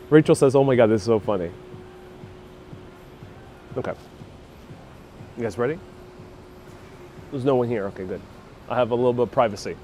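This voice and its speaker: A man's voice: medium pitch, dark tone, a little hiss or hum. A man hosting a casual live stream outdoors on a rainy city street, joking, self-deprecating and reading chat messages aloud through a clip-on mic. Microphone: wireless clip-on mic on a phone rig.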